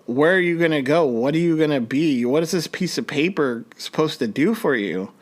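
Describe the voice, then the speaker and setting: A man's voice: animated, moderate pace. Rambling young man telling a story. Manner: rambling, frequent restarts, voice jumps high when reenacting panic. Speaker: podcast host. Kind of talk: personal storytelling monologue.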